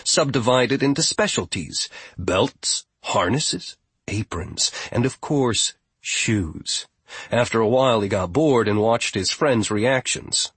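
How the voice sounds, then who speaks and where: A male audiobook narrator with a low, husky voice, telling the story in a slow, measured, wry way. The recording is dry and close. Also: no room sound. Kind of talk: scripted narration.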